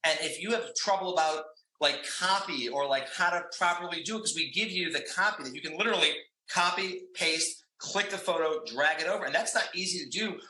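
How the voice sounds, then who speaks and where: A man's voice: fairly high pitch, a little fast, few pauses, bright, forceful tone. A man being interviewed as a guest, talking casually with frequent laughs and fillers. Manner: chatty, laughs often, many fillers. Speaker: guest, trivia company owner. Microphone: video call setup. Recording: echoey room.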